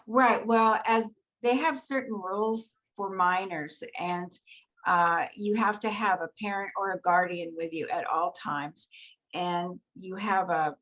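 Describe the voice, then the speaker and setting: Older woman telling lively anecdotes. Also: mid-range voice, measured pace, poor audio. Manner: animated anecdotal storytelling with laughs. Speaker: guest actress. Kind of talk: storytelling in an interview.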